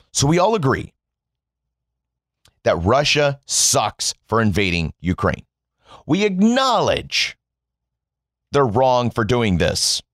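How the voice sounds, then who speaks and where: A man's voice: mid-range voice, fairly bright tone, dry recording, studio quality. A man from the United States delivering a sarcastic, profane opinion monologue as a political commentator.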